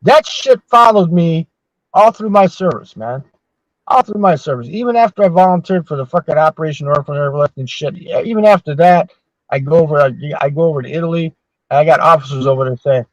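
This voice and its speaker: A man's voice on the high side, moving a little fast, comes through a dull, dry recording. He's a podcast host in his sixties, telling long, swear-filled, rambling anecdotes in casual chat.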